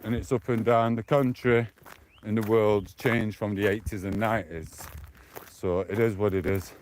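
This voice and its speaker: Walking the streets outdoors, a UK-born British man streams live from his phone and talks to viewers in a rambly, defensive manner. He speaks fairly low with fairly even intonation at a normal speed, and his darkish tone carries a little hiss or hum.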